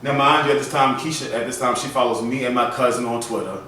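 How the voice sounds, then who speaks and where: A man hosting a casual storytelling vlog, chatting in an animated and loose way full of fillers. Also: mid-range voice, quick pace, slight background noise. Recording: very echoey room, mic at a distance.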